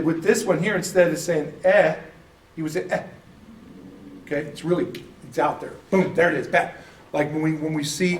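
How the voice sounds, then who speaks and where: His voice runs on the high side as this Bible study teacher chats his way through a casual church class, self-deprecating and often laughing at himself. The recording has a little hiss or hum, an echoey room and a mic placed at a distance.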